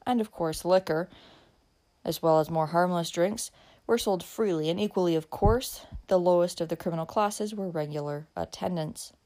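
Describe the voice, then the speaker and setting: A woman narrating a classic novel as an audiobook reader, with expressive storytelling. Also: fairly low pitch.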